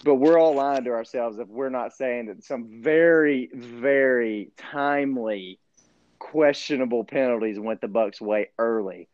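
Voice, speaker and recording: A young man co-hosting a sports podcast, debating a game with incredulous, animated energy. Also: medium pitch, unhurried, no echo. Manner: excitable, incredulous, rising to near-shouts when riled. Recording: dull lo-fi sound.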